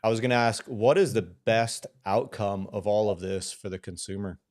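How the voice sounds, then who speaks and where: Male podcast host, low voice, playful, teasing, asks questions. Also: steady tone, moderate pace, darkish tone. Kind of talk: podcast conversation.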